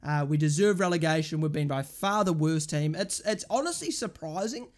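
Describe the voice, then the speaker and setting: A woman's voice: low-pitched, animated, normal speed, darkish tone. A woman hosting a football fan channel, ranting angrily about her team with lots of swearing and exasperation. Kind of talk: angry match rant.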